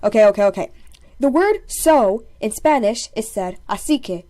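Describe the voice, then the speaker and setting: A young woman narrating a casual story-time video in a chatty, animated way, full of jokey asides. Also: mid-range voice, normal speed, no echo.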